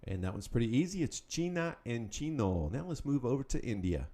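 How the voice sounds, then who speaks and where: A man's voice: medium pitch, sing-song, a little fast, dark tone. Upbeat man teaching Spanish vocab. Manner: upbeat, patient, prompts listener then gives answers. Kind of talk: podcast language drill.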